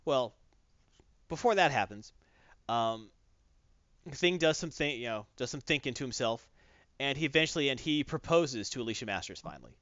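A man's voice: mid-range voice, normal speed, long pauses, no room sound. A man hosting a podcast, recapping a comic book casually with lots of fillers. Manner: animated storyteller, many fillers. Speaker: podcast host. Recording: dull, dry lo-fi recording.

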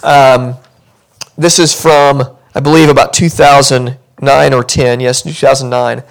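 A man preaching a sermon as pastor, talking conversationally and building to animated intensity. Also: medium pitch, measured pace, creaky. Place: church sanctuary.

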